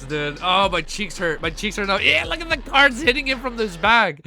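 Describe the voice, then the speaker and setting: A young man hosting a reaction stream. He reads a web novel aloud and keeps breaking in with excited, slangy outbursts. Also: sits high, moderate pace, few pauses, soft background music. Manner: excitable, slangy, cuts in on his own reading with outbursts.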